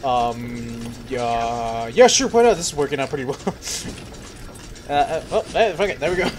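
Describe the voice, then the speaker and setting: A man's voice: medium pitch, fairly even intonation, unhurried, slight background noise. A young man talking to himself while playing a game, rambling, giggling and swearing. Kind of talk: let's play commentary.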